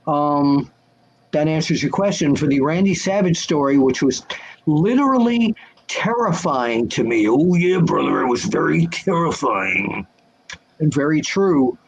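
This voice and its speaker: An older man telling wrestling-magazine stories on a video call, lively and acting out the voices of people he quotes. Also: on the high side, measured pace, slightly rough, rough recording. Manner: animated, acts out quoted voices. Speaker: guest answering fan questions. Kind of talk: casual storytelling chat.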